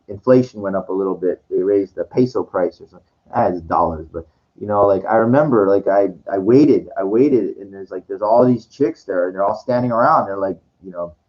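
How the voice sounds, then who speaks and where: A man telling a rambling personal story full of restarts and swearing, breaking into quoted voices. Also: fairly low pitch. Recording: dull lo-fi recording.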